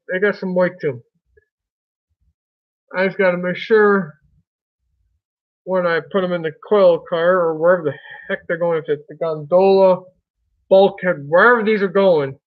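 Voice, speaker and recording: Chatty high-voiced man streaming live. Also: highs cut off. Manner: chatty, folksy, greets chat by name. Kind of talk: casual live stream chat with viewers.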